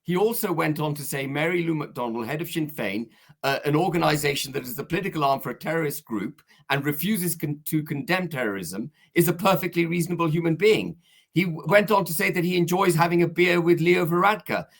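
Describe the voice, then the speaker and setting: Fired-up guy in a political debate, keeps pushing his point over interruptions, voice on the high side. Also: brisk, creaky, fairly bright tone. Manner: insistent, emphatic, talks over interruptions. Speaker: political guest.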